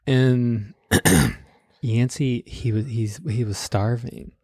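Podcast host, male, lively raconteur who jumps into high voices for quotes; dry studio sound. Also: takes it slowly, slightly rough, no echo. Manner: animated storyteller, acts out quotes with big pitch jumps, laughs often. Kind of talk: casual storytelling chat.

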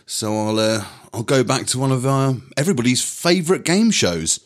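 A man's voice: medium pitch, lively intonation, moderate pace, over loud music. A man hosting a comedy sketch show, dry and mock-earnest. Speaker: host.

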